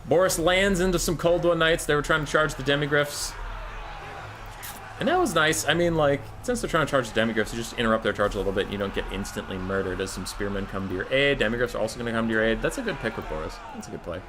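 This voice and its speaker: A man's voice: medium pitch, quick pace, noisy background. An American man from Minnesota giving joking, casual commentary on a strategy game tournament. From Minnesota, USA. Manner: joking, animated.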